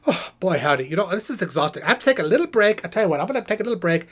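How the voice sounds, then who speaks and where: A man's voice: sits high, racing, slightly rough. A man voicing a theatrical, self-important male puppet professor hosting a live stream Q&A, rambling and breathless. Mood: weary. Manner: animated, theatrical, rambling asides. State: out of breath, exhausted. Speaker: puppet host.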